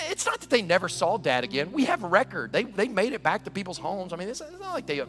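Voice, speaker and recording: A male pastor preaching a sermon in an animated, conversational way, often acting out stories. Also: high voice, quick pace, faint music behind. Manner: animated, conversational, storytelling with quoted voices.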